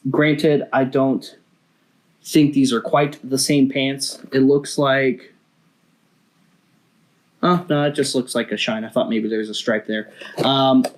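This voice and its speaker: A man hosting a casual toy review video, chatty and enthusiastic. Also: mid-range voice.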